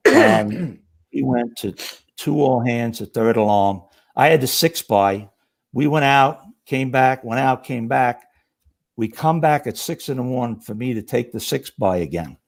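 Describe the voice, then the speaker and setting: A man's voice: medium pitch, measured pace, creaky. A middle-aged man telling fire stories as a podcast guest, acting out the quotes. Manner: animated storyteller acting out quotes. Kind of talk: casual storytelling.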